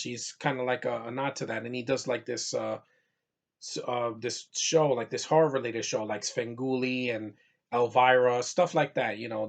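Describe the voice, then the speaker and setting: A man's voice: medium pitch, gravelly. A man from New York giving a casual, rambling movie review, full of fillers and restarts.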